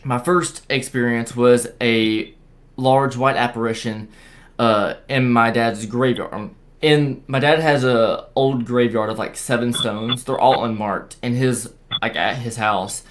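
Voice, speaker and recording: Halting, stammering young man. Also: mid-range voice, steady tone, a little hiss or hum. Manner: halting, repeats words and restarts often. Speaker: guest sharing a paranormal experience. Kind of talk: casual storytelling on a video call.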